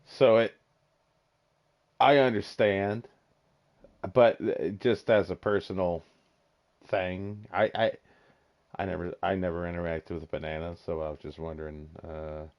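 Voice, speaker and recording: A man with a low voice hosts a loose podcast chat over a dull, lo-fi line. He is excitable and teasing, and he swears freely. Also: unhurried, pauses often. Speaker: podcast host. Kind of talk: casual chat.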